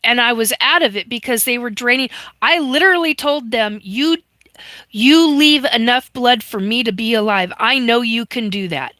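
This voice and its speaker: A middle-aged woman hosting a livestream, talking haltingly and getting choked up and sniffly as she tells her story and reads out viewer comments. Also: a little high, pushed and bright, dry recording. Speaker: livestream host. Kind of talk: emotional livestream monologue. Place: home livestream.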